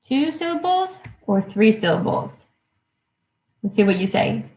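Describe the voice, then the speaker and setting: Slow, encouraging woman teaching kids. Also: a little high, sing-song, a little mellow, echoey room, low-quality recording. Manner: encouraging, slow and clear, counting syllables aloud. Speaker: English teacher for children. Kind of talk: live online lesson for kids. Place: at home.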